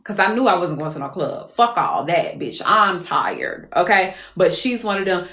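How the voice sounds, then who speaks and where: A woman's voice: lowish voice, lively intonation, moderate pace, a bit bright, reverberant. A woman telling a story casually to her viewers, profane and exclamatory.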